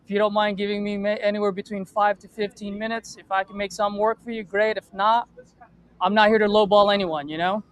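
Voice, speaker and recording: A man vlogging while cold-calling sellers, talking fast and jittery, with a friendly, persuasive sales manner. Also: high voice, little pitch movement, a bit bright, rough recording. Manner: jittery, fast and wired from espresso. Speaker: real estate wholesaler cold-calling sellers. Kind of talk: casual vlog and sales call.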